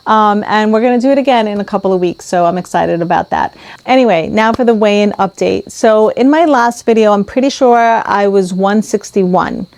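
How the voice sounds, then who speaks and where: A woman's voice: mid-range voice, brisk, a little mellow, no room sound. A woman vlogging casually to camera about her weight loss as a mother, candid and full of ums and restarts.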